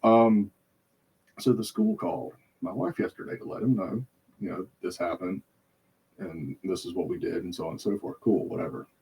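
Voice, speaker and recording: A man's voice: deep voice, moderate pace, gravelly, dark tone, slight background noise. A man hosting a podcast, telling a heated, profane story in casual chat, swearing constantly. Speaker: podcast host.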